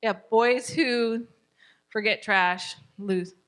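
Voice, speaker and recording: A woman's voice: on the high side, drawn-out words, fairly bright tone. A woman teaching a parenting class, encouraging her students and acting out what parents and children say.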